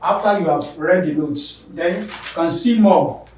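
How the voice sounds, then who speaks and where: Slow, echoey man teaching word stress. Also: a little high, a little mellow, slight background noise. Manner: repeats words slowly with emphasis, drills examples. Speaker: English teacher. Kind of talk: classroom lesson on word stress. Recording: very echoey room, voice from a distance.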